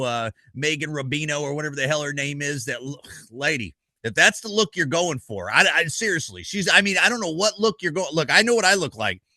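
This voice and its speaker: A man's voice: fairly high pitch, pushed and bright, no echo. A middle-aged man ranting in a casual vlog, rambling and blunt, with lots of profanity, restarts, stammers and rhetorical questions to the listener. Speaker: vlogger.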